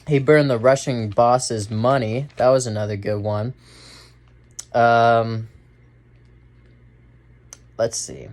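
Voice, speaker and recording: A man's voice: medium pitch, steady tone, slow pace, long pauses. A young man giving a casual, rambling movie review, full of fillers and restarts. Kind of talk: casual spoken film review.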